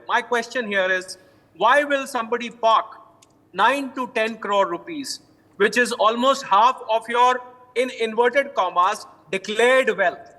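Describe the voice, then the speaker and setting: A man's voice: high voice, sharp tone, in a large hall, poor audio. A man, arguing emphatically as a panelist in a TV news debate, stacking rhetorical questions.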